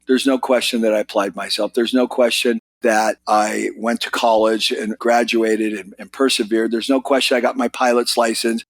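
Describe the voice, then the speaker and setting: An American man in his sixties, a podcast guest telling stories in casual chat, his voice jumping up when he gets excited. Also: dry recording. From United States. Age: 60s. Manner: animated storyteller, pitch jumps when excited. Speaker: podcast guest, business author.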